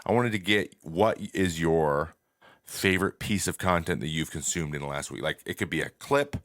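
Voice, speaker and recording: A man hosting a casual gaming podcast, telling stories with animated asides. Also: low-pitched, normal speed, no room sound, studio quality. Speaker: podcast host.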